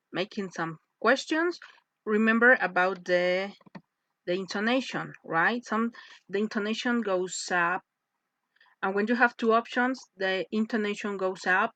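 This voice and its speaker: Slow, bright-voiced woman teaching English. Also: mid-range voice, no echo. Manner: slow, patient, repeats and checks with "yes?". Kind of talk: slow classroom lesson with read-aloud phrases. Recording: dull lo-fi voice recording.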